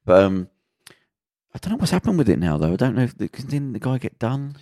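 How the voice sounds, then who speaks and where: A man's voice: medium pitch, sing-song, fast talker, mellow, no room sound, clean studio sound. A man co-hosting a podcast, chatting casually in a rambling, opinionated way. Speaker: podcast co-host. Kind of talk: casual chat.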